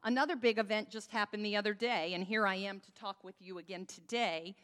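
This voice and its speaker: Animated woman in a reverberant church. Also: mid-range voice, fairly quick, clean tone. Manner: animated, leads the congregation in call-and-response. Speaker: pastor giving a children's message. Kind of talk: children's sermon. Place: church sanctuary. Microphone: handheld microphone.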